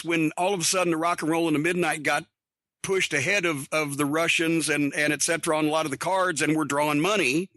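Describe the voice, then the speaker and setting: A middle-aged man with a high, bright, forceful voice tells blunt stories full of swearing in a casual podcast monologue. His delivery is wry and punchy. He sounds close and dry, with no room around him. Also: no echo. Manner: blunt, profane, wry storyteller. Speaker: podcast host.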